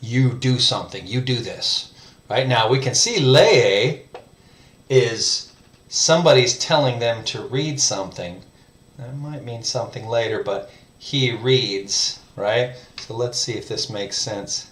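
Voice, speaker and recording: A man talks slowly through a casual language lesson, thinking out loud and stopping often with "um" and "right?". His voice sits at an ordinary middle pitch. The room around him is echoey. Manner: slow, thinking aloud with many fillers and "right?". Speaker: language learner teaching viewers. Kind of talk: casual screen-share lesson.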